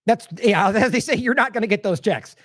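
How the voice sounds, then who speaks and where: Male news-commentary host, fairly high and animated voice, sarcastic, close dry mic. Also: fairly quick, no echo. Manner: exasperated, sarcastic, scoffing laughs. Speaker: independent news show host. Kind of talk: casual commentary on played clips.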